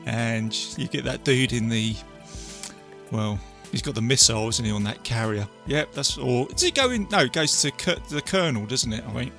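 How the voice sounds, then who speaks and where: A man talks through a film in casual chat, his voice gravelly and bright, with a habit of tacking on tag questions. Faint music sits under the conversation. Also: mid-range voice, lively intonation, normal speed. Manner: tag questions, chatty and laughing.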